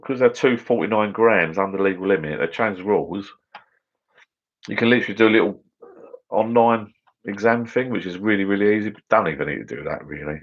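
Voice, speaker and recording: A middle-aged English man hosting a casual livestream from his garden bar, chatting and answering viewers in a rambling, matey way. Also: lowish voice. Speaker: livestream host. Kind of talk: casual live chat reading viewer comments. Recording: dull lo-fi livestream audio.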